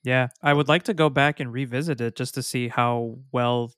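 A man's voice: medium pitch, fairly even intonation, normal speed, fairly bright tone, clear, resonant tone, no echo, clean studio sound. A man co-hosting a casual gaming podcast, chatty and telling anecdotes. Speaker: podcast co-host. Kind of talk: casual chat.

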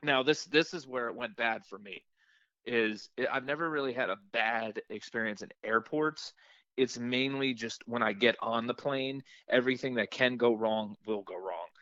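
A man co-hosting a podcast, telling an animated story in casual chat, swearing often and acting out the people he met. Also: mid-range voice, moderate pace, no echo, muffled recording. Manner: animated storyteller, swears a lot, acts out voices. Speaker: podcast co-host.

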